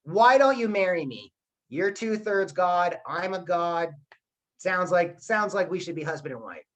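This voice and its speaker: A man's voice: high voice, expressive, measured pace. A man voicing a vain, flirtatious goddess who swoons over a hero. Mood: swooning.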